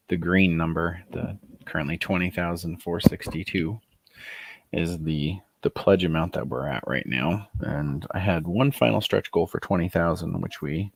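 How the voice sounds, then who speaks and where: A man casually chatting on a livestream, excited and rambling with fillers, greeting viewers as he talks through his project. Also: deep voice, gravelly, no room sound. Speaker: author running a crowdfunding livestream.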